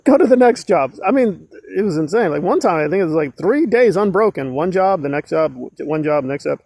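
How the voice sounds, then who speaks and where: Male commentator, sarcastic and emphatic, high voice that swings all over, dry close sound. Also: lively intonation, fairly quick, darkish tone, no room sound. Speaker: online commentator. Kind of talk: ranting commentary.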